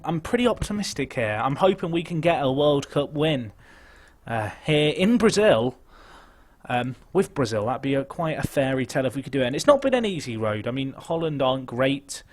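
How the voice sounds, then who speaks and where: A young man giving chatty live commentary on a football management game, nervous and excitable, muttering and then shouting. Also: medium pitch. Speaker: game streamer.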